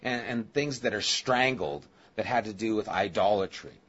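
A man's voice: fairly low pitch, normal speed, fairly bright tone, lo-fi sound. A male pastor giving a conversational Bible-study sermon, casual and chatty, with asides to the listeners.

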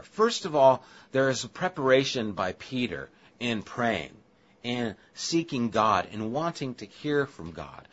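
A man's voice: medium pitch, a bit bright, highs cut off. A male pastor giving a conversational Bible-study sermon, casual and chatty, with asides to the listeners.

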